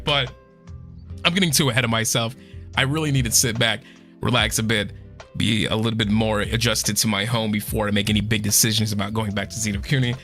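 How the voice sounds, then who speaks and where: A man streaming a casual chat, excitable and swearing often, his voice going hoarse. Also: on the low side, a little fast, faint music behind.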